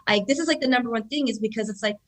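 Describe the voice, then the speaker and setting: A woman in her thirties, a jiu-jitsu instructor, telling stories in an animated way and filling her speech with "like.". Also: on the high side, rapid-fire. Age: 30s. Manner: animated storyteller, many fillers like "like". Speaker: guest, jiu-jitsu black belt and instructor. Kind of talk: casual podcast conversation.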